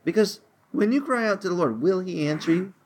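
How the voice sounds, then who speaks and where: A man preaching a sermon as a pastor, conversational and earnest, with frequent repeated words and his voice climbing higher as he gets stirred up. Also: animated, a little fast, a little mellow, a little hiss or hum.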